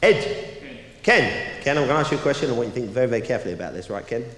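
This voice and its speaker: A man's voice: mid-range voice, animated, racing. A man doing live stand-up comedy, brash and cheeky as he banters with the crowd. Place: large theatre with a live audience. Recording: echoey theatre with loud crowd laughter.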